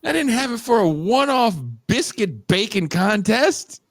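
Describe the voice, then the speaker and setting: A man's voice: very high-pitched, a little slow, no echo. Ranting, swooping Californian man. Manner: animated profane ranting, mock outrage. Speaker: podcast co-host. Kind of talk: casual podcast chat.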